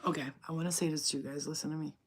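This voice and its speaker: A woman channeling spirit messages in a casual livestream talk, animated and profane, dropping to whispers and then shouting. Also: low-pitched, rapid-fire. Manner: animated, swings between whispers and loud outbursts, swears freely.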